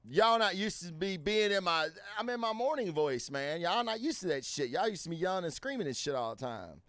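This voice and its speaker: A man's voice: high-pitched, very animated, a little fast, dry recording, clean studio sound. Swearing, storytelling podcast host, man. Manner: loud, swearing, storytelling with lots of fillers. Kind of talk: casual podcast chat. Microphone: studio microphone.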